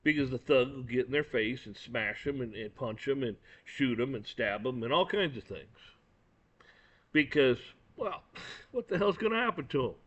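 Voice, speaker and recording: A man's voice: medium pitch, lively intonation, moderate pace, fairly bright tone. A man giving a blunt, profane and angry opinion rant, often stumbling and repeating words. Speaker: commentator. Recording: dull lo-fi recording.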